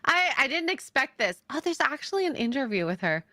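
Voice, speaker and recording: A woman's voice: high-pitched, sing-song, brisk, bright, forceful tone, no room sound, clean studio sound. A woman co-hosting a casual chat stream, reading news stories aloud in an easygoing way. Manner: reads articles aloud, easygoing. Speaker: stream co-host.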